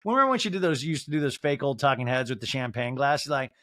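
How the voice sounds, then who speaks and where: Animated man rambling through a comedy recap. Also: mid-range voice, fast talker, no echo, clean studio sound. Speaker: podcast host.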